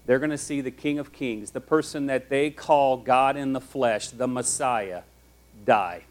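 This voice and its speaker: A man's voice: mid-range voice, a little slow. Conversational man preaching a sermon. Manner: conversational, animated storytelling with acted quotes. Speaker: pastor.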